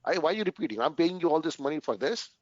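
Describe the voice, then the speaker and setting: A man speaking as a guest in a casual interview, earnest and talking in short bursts that he often ends with "right?", pausing and restarting his sentences. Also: on the high side, expressive, no echo, highs cut off.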